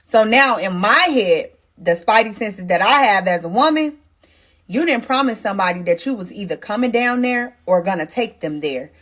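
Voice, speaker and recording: This is a woman talking through a personal storytime for her followers, casual and full of feeling. She speaks to the audience directly, animated and emotional as she relives each turn. Her voice sits at an ordinary middle pitch for a woman. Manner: emotional, animated retelling that addresses viewers directly. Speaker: storytime vlogger. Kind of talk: casual storytime narration to viewers.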